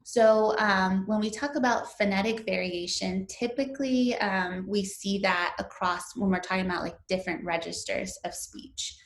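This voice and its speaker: Young female instructor, relaxed lecture delivery, frequent fillers, roomy echoey sound. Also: mid-range voice, moderate pace, few pauses. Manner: casual, lots of fillers like um and like. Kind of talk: recorded online lecture.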